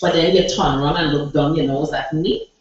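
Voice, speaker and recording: A woman with a Virgin Islands accent performing her own spoken word poem, addressing the listener forcefully at a cafe open mic. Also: low voice, a little fast. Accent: Virgin Islands Creole English. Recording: echoey room, distant lo-fi mic, noise.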